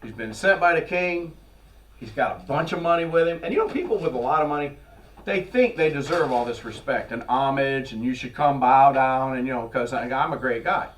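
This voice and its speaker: Preacher, far from the mic. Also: male voice, mid-range voice, brisk. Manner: lively storytelling, acts out scripture characters. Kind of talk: sermon. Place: church.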